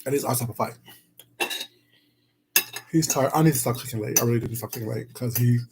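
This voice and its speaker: A man's voice: mid-range voice, fast talker, noisy background. A man live-streaming himself eating, chatting casually and greeting viewers in the chat with pet names like "baby" and "sweetheart".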